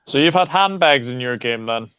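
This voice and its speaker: A man with a smooth, clear voice chats about a live football match and trades jokey asides. The sound is dry and close, with a dull, muffled quality. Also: medium pitch, lively intonation, normal speed, bright, forceful tone, dry recording. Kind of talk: casual live match commentary.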